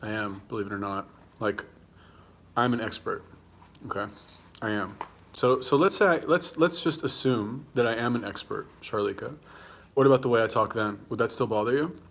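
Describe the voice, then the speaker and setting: A man's voice: on the low side, moderate pace, a bit bright. A young man hosting a casual livestream, answering viewer comments bluntly and combatively, swearing freely and talking while he eats. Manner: talks while eating.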